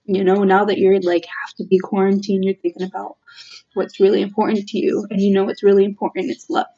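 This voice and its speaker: A woman's voice: medium pitch, level tone, a little fast, dark tone, muffled recording. A woman giving a casual, heartfelt tarot reading, earnest and emotional, talking with many fillers and restarts. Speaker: tarot reader.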